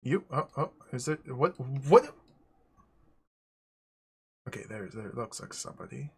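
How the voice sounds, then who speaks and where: A man streaming a game live, talking through it aloud in an excitable, joking way. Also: mid-range voice, a little slow, vocal fry, husky. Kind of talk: casual live gameplay commentary.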